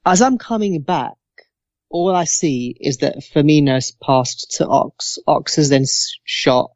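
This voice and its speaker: Animated man telling a story. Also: a little high, slow, dry recording. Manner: animated, swearing, acts out voices in his anecdotes. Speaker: podcast co-host. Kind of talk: casual storytelling. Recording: dry, slightly dull lo-fi sound.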